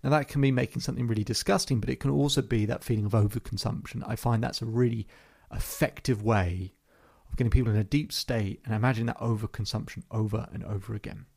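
Gravelly-voiced man telling a story. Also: medium pitch, steady tone, fast talker, a little mellow. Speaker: hypnotherapist. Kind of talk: storytelling monologue to camera.

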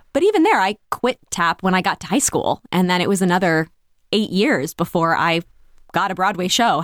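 A woman guest telling stories in a conversational way. She is animated and often restarts her sentences. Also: no room sound, studio quality. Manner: animated, lifts her pitch for quoted voices; self-correcting, with frequent restarts. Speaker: podcast guest, business coach. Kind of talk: conversational storytelling.

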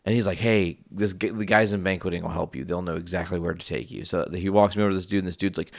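A man's voice: sits low, fast talker, gravelly, hardly any pauses, dry recording, studio quality. A young man hosting his own show, telling a rambling, profane story in a casual monologue full of asides. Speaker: podcast host.

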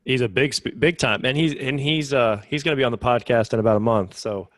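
A man's voice: mid-range voice, fairly quick, no echo. A man hosting a podcast, chatty and friendly, asking his guests follow-up questions. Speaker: podcast host, dentist. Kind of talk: casual interview hosting.

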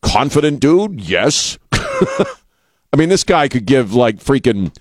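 A man's voice: medium pitch, big pitch swings, slow, dry recording, studio quality. A man hosting a talk radio show, talking casually in a blunt, joking, rambling way. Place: radio studio.

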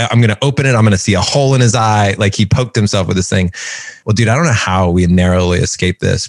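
A man in his forties, a podcast guest, telling animated personal stories in a casual chat. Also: lowish voice, dry recording. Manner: lively, animated storyteller who often says "dude" and "right?". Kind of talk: casual storytelling conversation.

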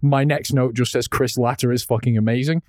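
A man's voice: mid-range voice, steady tone, fairly quick, darkish tone, no echo, clean studio sound. A man co-hosting a podcast in casual chat, laughing often, swearing casually and acting out characters. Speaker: podcast co-host. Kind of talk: casual chat recapping a cartoon.

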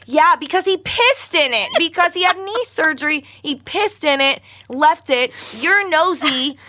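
Speaking high at a normal speed with few pauses, this podcast co-host swears freely as she tells a story. She acts out each person's lines animatedly in casual chat, and there's no room sound.

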